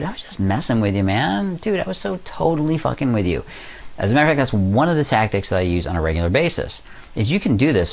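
A man giving casual dating advice, acting out other guys' lines as he talks. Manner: animated, acts out quoted guys in a higher voice. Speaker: dating coach. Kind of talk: casual instructional monologue.

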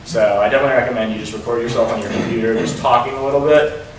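A man teaching a seminar in a relaxed, casual way, with lots of ums and likes. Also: medium pitch, rapid-fire, background noise. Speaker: dating coach. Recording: roomy echo, mic far off.

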